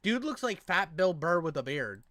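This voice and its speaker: A man's voice: on the high side, very animated, fairly bright tone. A young man hosting a reaction video, joking loosely in casual, crude commentary. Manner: loose, joking, swearing, quick to laugh.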